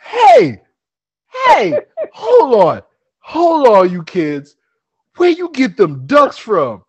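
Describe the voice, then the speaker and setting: A man's voice: sits high, huge pitch swings, slow pace, slightly rough, no room sound, lo-fi sound, heavily acted. Guy doing a cranky old porch man, nosy, mumbling to himself. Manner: mutters to himself in disbelief.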